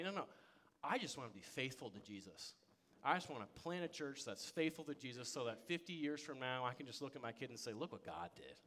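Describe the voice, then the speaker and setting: Lively young pastor preaching a sermon. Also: male voice, medium pitch. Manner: energetic storytelling, big swings from loud excitement to quiet. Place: church sanctuary.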